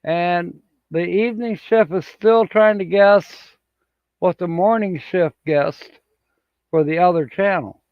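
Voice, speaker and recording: A man's voice: high-pitched, slow, no echo, narrow, tinny audio. A man hosting a casual livestream, reading out viewer comments and chuckling often as he rambles along. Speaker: livestream host. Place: home studio with green screen.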